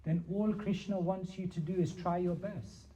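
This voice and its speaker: Mellow-voiced man teaching, dull lo-fi. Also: high-pitched, fairly even intonation, slight background noise. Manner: measured, repetitive emphatic phrasing. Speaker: spiritual teacher answering questions. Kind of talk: Q&A teaching talk. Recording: dull lo-fi sound.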